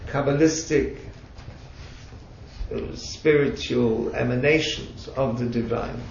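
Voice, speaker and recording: Gravelly man teaching in an echoey room. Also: medium pitch, fairly even intonation, slow, slight background noise. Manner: patient, explanatory, with chatty asides. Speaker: religious teacher. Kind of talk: explanatory talk to a group. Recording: echoey room, distant mic, dull sound.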